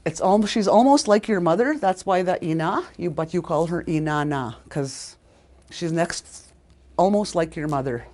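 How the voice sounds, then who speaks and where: A woman's voice: lowish voice, normal speed, darkish tone. A woman teaching a language lesson, repeating each word several times and correcting herself as she goes.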